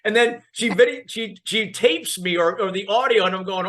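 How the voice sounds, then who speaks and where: A man's voice: high voice, normal speed, fairly bright tone. A man hosting an interview show, chatting casually and affirming his guest's points. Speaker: podcast host. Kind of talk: interview host chat.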